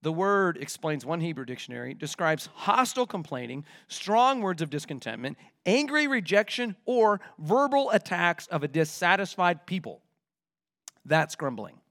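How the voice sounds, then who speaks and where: Animated high-voiced male preacher. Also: normal speed. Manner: animated, conversational preaching with vivid examples. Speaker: pastor. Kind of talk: sermon.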